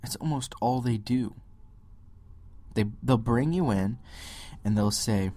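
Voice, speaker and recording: Husky-voiced man ranting on a podcast. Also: medium pitch, slow, warm tone, no room sound. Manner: ranting, mocking impressions, drops into whispers. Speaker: podcast host. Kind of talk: solo political rant.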